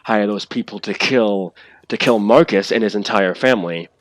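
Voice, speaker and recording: A man voicing a resentful male mage in a tabletop game, speaking in a sharp, retorting way. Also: on the low side, normal speed, no room sound, natural voice. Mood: accusing.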